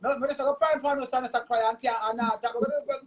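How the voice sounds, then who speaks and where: Man, Jamaican accent, very high voice, loud cursing rant, live-stream talk. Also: steady tone, rapid-fire. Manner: loud, cursing, repeats himself.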